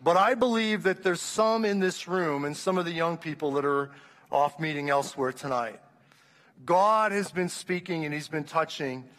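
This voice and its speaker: Impassioned high-voiced man preaching in a church hall. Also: moderate pace, a bit bright. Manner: impassioned storytelling with frequent restarts. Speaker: pastor. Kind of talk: sermon testimony.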